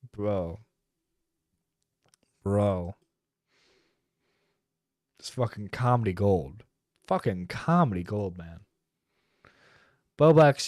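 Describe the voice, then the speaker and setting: An adult male internet radio host delivers casual live-stream commentary that is profane and rambling. His mid-range voice has a darkish tone, recorded on a dry close mic with no echo.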